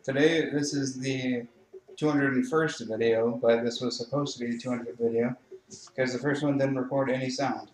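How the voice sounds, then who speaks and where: A man's voice: medium pitch, steady tone, moderate pace, darkish tone. A man hosting a casual let's-play, chatty and laughing often, recorded indoors on a webcam microphone. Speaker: gaming channel host. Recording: roomy webcam mic audio.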